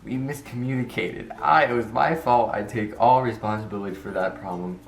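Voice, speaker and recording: A teenage vlogger with a mid-range voice and some vocal fry tells an embarrassing story to the camera at a moderate pace. He rambles casually, restarts his sentences, and acts out the quotes. The recording has a roomy echo with faint guitar music.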